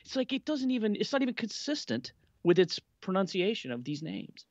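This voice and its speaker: A man co-hosting a casual tech podcast, talking in an animated way with many restarts and growing exasperation. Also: high-pitched, a little fast, no room sound, muffled recording. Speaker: podcast co-host.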